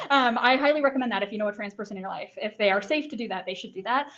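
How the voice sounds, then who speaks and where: A woman's voice: medium pitch, rapid-fire, few pauses, a bit bright. A woman telling her personal story at a talk, earnest, with many ums and likes. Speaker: guest speaker. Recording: dull lo-fi recording.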